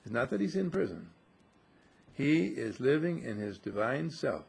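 A man giving a slow, musing spiritual teaching to a group, repeating and correcting himself and acting out his listeners' voices. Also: mid-range voice, sing-song, creaky, slightly rough. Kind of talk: metaphysical teaching talk to a group.

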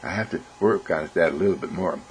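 A man giving a gentle, reflective talk, telling stories and acting out voices. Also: sits low, quick pace, a little hiss or hum, poor audio. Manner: gentle, storytelling with acted voices. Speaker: speaker.

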